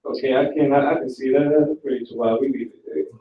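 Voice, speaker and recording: A man's voice: mid-range voice, fairly even intonation, fairly quick, dull audio, slight background noise. A man teaching a live online class in a casual, slangy lecturing manner. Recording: echoey and distant from the mic.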